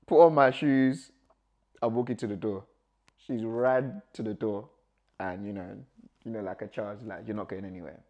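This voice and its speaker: Young man, lowish voice, guest recounting his story with lively, acted-out dialogue. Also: unhurried, pauses often, muffled recording. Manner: animated, acts out quoted dialogue, nervous laughs. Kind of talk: personal storytelling.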